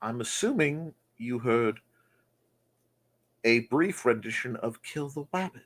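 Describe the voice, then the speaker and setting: Hosting a relaxed morning chat show, this man riffs on what viewers have written, full of goofy jokes and fake-announcer interjections. His voice sits at a medium pitch with lively intonation, and he takes his time.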